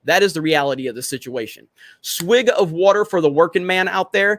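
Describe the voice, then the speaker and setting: A man's voice: sits high, a little fast, a bit bright, dry recording. A man hosting a live stream, chatting casually and bantering with viewers in a brash, profane way.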